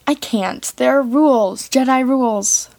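A woman reading the part of an earnest young Jedi heroine in a script read-aloud, with steady, sincere delivery. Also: high voice, a little slow, no echo.

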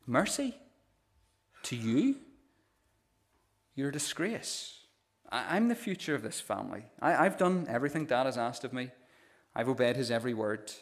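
A man's voice: medium pitch, sing-song, moderate pace, long pauses. A male preacher voicing a resentful older brother who scolds his younger sibling with cold self-righteous contempt. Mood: scornful. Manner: scornful, cold, lecturing.

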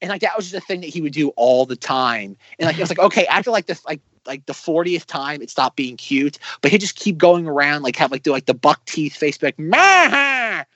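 A man's voice: a little high, quick pace, hardly any pauses, fairly bright tone, dry recording. A man in his thirties co-hosting a podcast, chatting casually and rambling animatedly with lots of fillers. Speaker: podcast co-host. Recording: slightly dull, dry lo-fi audio.

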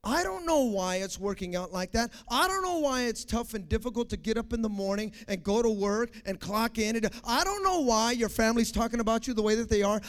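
A young male pastor preaches to a congregation, repeating key phrases, calling for responses, and swinging between quiet talk and shouting. His voice is very high, and he talks fast with hardly any pauses.

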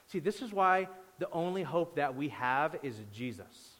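A man preaching a sermon as pastor, animated and acting out quoted voices and little stories. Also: fairly high pitch, normal speed, hardly any pauses. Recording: hall reverb.

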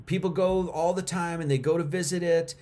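A man's voice: a little high, fairly even intonation, brisk, dark tone. A middle-aged man hosting a casual livestream, talking emphatically to his viewers and repeating points for effect. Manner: emphatic and repetitive, talks to chat. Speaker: livestream host.

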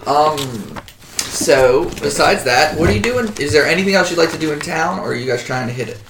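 A man's voice: fairly high pitch, lively intonation, a little fast, background noise. A man acting as game master and podcast host, narrating a tabletop game in a casual, joking way and swearing freely. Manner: casual, swears freely, laughs between descriptions.

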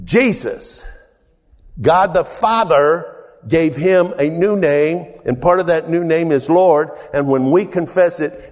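A man preaching an informal sermon, rambling and conversational, often pausing to ask the congregation questions. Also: a little high. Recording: long hall reverb.

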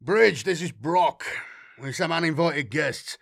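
A man doing a gruff starship security officer. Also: fairly high pitch, animated, takes it slowly, a bit bright, exaggerated voice. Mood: curt report. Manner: blunt, commanding.

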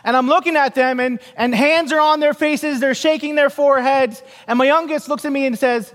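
A man's voice: very high-pitched, fairly even intonation, brisk, few pauses, a bit bright. A middle-aged man preaching a sermon as pastor, telling a family story with quoted voices and dry, self-deprecating humor. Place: church sanctuary. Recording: long church reverb.

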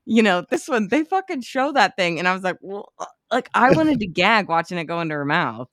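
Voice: mid-range voice, very animated, brisk, fairly bright tone, dry recording, studio quality. A podcast co-host chatting loosely about movies, swearing freely and acting out reactions. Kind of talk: casual movie chat.

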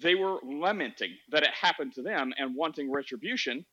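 A man's voice: a little high, fairly quick, bright, forceful tone, dull audio. A man hosting a podcast, telling a story in a sarcastic, laughing, casual way on a social audio app. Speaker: podcast host.

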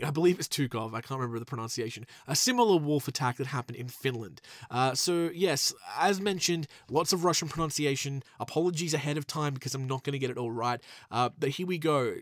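A man's voice: medium pitch, dry recording, studio quality. A man with a nasal voice, coming down with a cold, hosting a casual podcast in a rambling, self-deprecating way with lots of fillers. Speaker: podcast host.

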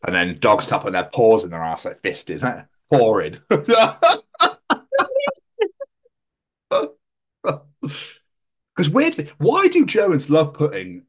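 A man's voice: a little high, wildly swooping pitch, slow pace, pauses often, a bit bright. A man co-hosting a podcast, joking in a rambling, sweary, silly way. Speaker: podcast co-host. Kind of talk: casual comedic chat.

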